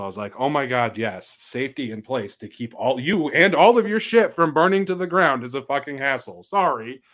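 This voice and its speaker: A man chatting on a podcast, swearing freely as he rants through a work story. His voice is mid-pitched, and he shifts between grumbling and loud outbursts. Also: lively intonation, normal speed, few pauses. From Georgia, US. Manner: profane, ranting storyteller. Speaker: podcast co-host. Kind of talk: casual chat.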